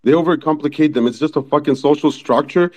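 Blunt Mexican-accented man, higher voice. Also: quick pace, darkish tone. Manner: blunt, profane, rambling. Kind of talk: casual chat in an online audio room. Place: fast-food restaurant.

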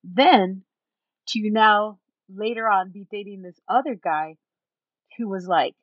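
A woman speaks as an interview guest, recounting her own experience in an animated way and slipping into the voices of people she quotes. Her pitch sits in a middle range. The recording is dry with no room sound and slightly muffled. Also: takes it slowly, no room sound. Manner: animated, acts out what others said. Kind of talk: personal storytelling in an interview.

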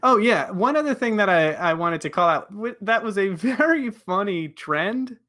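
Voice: mid-range voice, lively intonation, moderate pace, a bit bright. A podcast host in a casual group chat, laughing often while leading the discussion.

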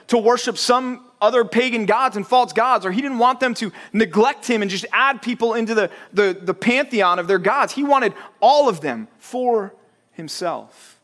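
Young male pastor, somewhat high voice, chatty storytelling sermon. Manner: conversational, animated storytelling with acted-out quotes.

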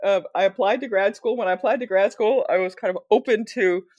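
A woman's voice: medium pitch, fairly quick, a little mellow, dry recording, dull audio. A middle-aged American woman, a historian, telling a self-deprecating story in a casual interview. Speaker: guest historian. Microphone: wearing headphones at a mic.

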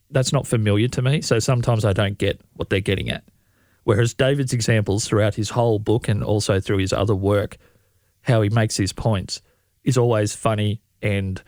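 Low-voiced man hosting a podcast. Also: a little mellow, no room sound, clean studio sound. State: morning voice. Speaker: podcast host. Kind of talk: casual interview intro.

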